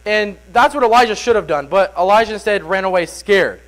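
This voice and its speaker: A man's voice: sits high, brisk, hardly any pauses, a bit bright, low-quality recording. A man preaching an informal Sunday sermon, rambling with many restarts and filler words.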